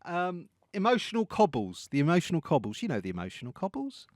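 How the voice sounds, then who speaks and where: A man co-hosting a podcast in casual chat, animated and laughing often as he acts out his own inner voice. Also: fairly high pitch, quick pace, no room sound, clean studio sound. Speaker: podcast co-host.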